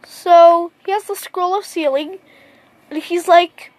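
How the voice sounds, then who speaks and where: Very high-voiced woman rambling through a story. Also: fairly even intonation, takes it slowly, a little mellow. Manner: rambling, repeats herself. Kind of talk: improvised fan story retelling.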